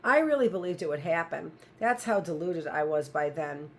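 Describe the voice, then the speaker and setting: Low-voiced woman reading a novel aloud. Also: expressive, moderate pace. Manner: plain, first-person storytelling. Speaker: teacher.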